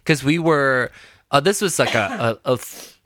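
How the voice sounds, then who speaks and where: A woman's voice: extremely low pitch, lively intonation, normal speed, a bit bright, dry recording, clean studio sound. A woman co-hosting a casual chat show, rambling and laughing often. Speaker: co-host.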